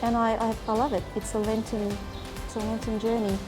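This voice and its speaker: A woman earnestly retelling a faith story and reflecting on its meaning, with an animated, heartfelt delivery. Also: fairly high pitch, brisk, music in the background. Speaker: faith speaker.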